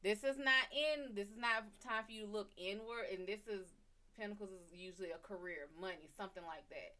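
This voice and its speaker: A woman's voice: medium pitch, brisk, bright, forceful tone. A woman runs a live tarot reading in a loose, chatty way. She swears freely and talks to her viewers by name. She often leans away from her desk mic, so her voice comes and goes. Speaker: tarot reader hosting a live stream. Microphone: desk mic, often turned away from it.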